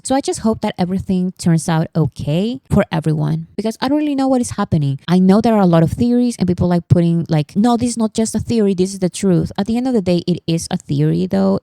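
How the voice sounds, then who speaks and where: A woman's voice: fairly low pitch, warm tone, dry recording. A woman hosting a casual pop culture vlog, chatty and rambling, with frequent asides and self-corrections.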